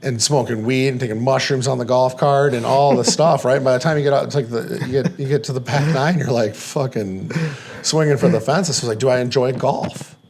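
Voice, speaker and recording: Gravelly man telling a rambling story. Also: medium pitch, steady tone, a little fast, darkish tone, a little hiss or hum. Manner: rambling, profane, many "like" fillers. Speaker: podcast guest. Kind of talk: casual personal storytelling.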